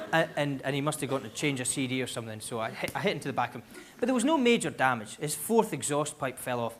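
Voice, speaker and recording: Animated Scottish stand-up comedian on stage. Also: male voice, medium pitch, fast talker. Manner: animated storytelling with loud shouted impressions. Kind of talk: stand-up storytelling. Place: large concert hall stage. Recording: live theatre audience laughter, noisy.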